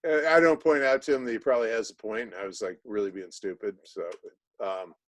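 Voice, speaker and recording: A man's voice: medium pitch, animated, a little fast, fairly bright tone, no echo. A male player talks through his character's moves in an offhand, wry way. His voice sits mid-range, and the sound is close and dry. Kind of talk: casual tabletop play.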